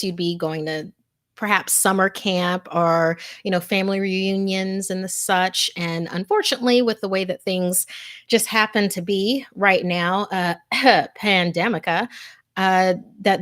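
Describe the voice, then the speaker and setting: A woman's voice: mid-range voice, a bit bright. A woman hosting a live stream, chatting casually and gushing over viewer comments with lots of fillers. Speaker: host.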